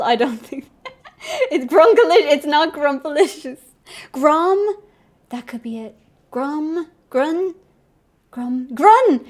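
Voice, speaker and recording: Giggly high-voiced woman streamer. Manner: giggly, squealing, chatty and easily excited. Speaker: game streamer. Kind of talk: casual gameplay commentary.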